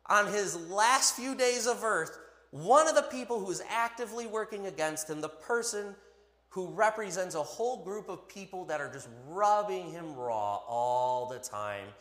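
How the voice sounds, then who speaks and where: A man preaching a sermon in a church, emphatic and animated, with playful asides to the congregation. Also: high-pitched. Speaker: pastor. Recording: echoey hall.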